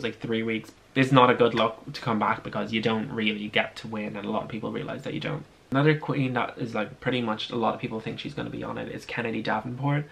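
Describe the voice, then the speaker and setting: Young Irish guy, casual vlog host, gossipy and rambling; gravelly fry in a mid-range voice. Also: medium pitch, fairly bright tone. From Ireland. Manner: chatty, gossipy, frequent ums and restarts. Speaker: vlogger. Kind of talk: casual chat.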